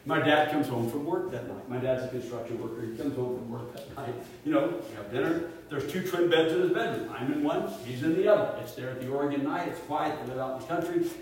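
A middle-aged man preaching a sermon and telling a personal story, animated, dropping to hushed tones when he quotes family. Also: medium pitch, quick pace, few pauses. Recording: echoey room, speaker far from mic, faint hiss.

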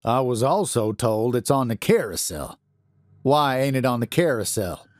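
A man voicing a hulking, self-important night security guard who talks in a blustering, gruff way, in a storybook reading. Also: medium pitch, lively intonation, moderate pace, no echo, studio quality, voice pushed up, close to an everyday voice.

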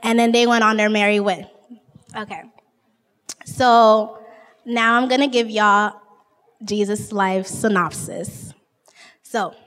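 A woman's voice: on the high side, fairly bright tone, big-room sound. A woman, casually and goofily retelling a Bible story in her own words. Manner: goofy, chatty, uses lots of "like". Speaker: informal Bible teacher.

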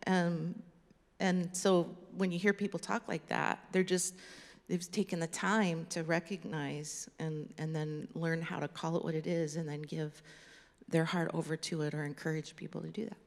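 A woman with a lowish, gravelly voice tells stories in a chatty, animated way, as part of a casual teaching talk. The sound carries a long hall reverb. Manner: chatty, animated storytelling with laughs. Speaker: ministry leader.

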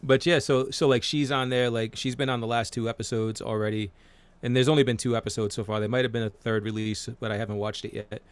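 A man's voice: mid-range voice, steady tone, fast talker, hardly any pauses, clear, resonant tone, dry recording. A man in his forties, co-hosting a podcast in casual chat, rambling and swearing with many fillers. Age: 40s. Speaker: podcast co-host.

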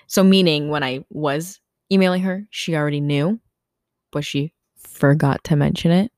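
A teenage girl, somewhat low in pitch, chats casually with a friend and acts out other people's lines as she tells her story. The sound is dry and close, with no room echo. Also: unhurried. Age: teens. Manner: chatty storyteller, acts out quotes, laughs often. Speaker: podcast co-host. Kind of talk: casual chat. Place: indoors at home.

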